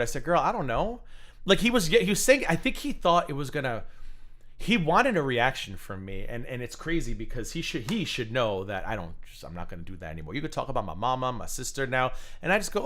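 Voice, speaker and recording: A man hosting a live stream with a bright, forceful voice. He tells gossip in an animated, chatty way and swears freely. His voice jumps up into shrill shrieks when he gets worked up. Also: fast. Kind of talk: casual live-stream commentary.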